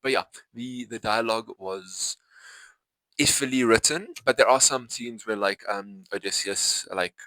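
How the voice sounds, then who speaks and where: Bright-toned young man rambling casually. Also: lowish voice, measured pace, no room sound, rough recording. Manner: rambling, full of fillers and self-corrections. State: itchy eyes. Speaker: vlogger reviewing a film. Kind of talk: casual unscripted talk to camera.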